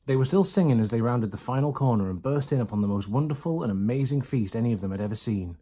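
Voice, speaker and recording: A man reading a children's storybook aloud in a steady, even storytelling manner. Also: medium pitch, fast. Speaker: reader.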